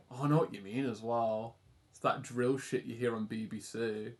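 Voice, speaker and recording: A man's voice: medium pitch, steady tone, moderate pace. A young British man from the UK chatting casually on a live stream, rambling and self-deprecating, reading chat aloud and swearing offhand.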